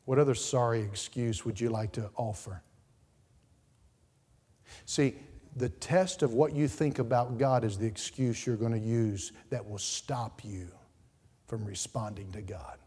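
A male pastor preaching a sermon in a church, repeating words and swinging from quiet asides to loud outbursts. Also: mid-range voice, steady tone, unhurried, slightly rough. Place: church sanctuary. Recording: reverberant church hall.

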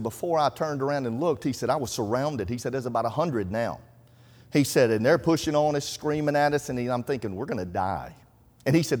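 A man preaching a sermon, telling a story in a conversational way and dropping to a hushed voice at tense moments. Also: mid-range voice. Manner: conversational, animated storytelling, drops to hushed tones for suspense. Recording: long hall reverb.

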